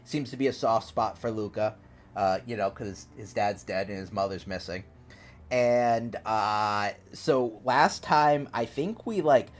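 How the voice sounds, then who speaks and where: A man live-streaming a story game, chatting casually and rambling as he plays. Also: medium pitch. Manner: chatty, rambling, lively, reads characters aloud. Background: faint game piano music.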